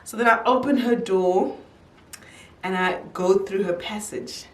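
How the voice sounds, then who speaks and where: A young woman telling a casual storytime, animated, her voice jumping high whenever she quotes someone. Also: a little slow, distant mic. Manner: animated storyteller, jumps high when quoting. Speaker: YouTuber. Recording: roomy echo, a little off-mic.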